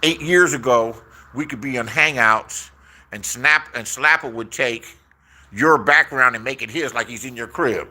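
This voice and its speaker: A man's voice: mid-range voice, a little slow, pushed and bright. A man telling stories in a casual, rambling rant, swearing a lot and repeating his phrases.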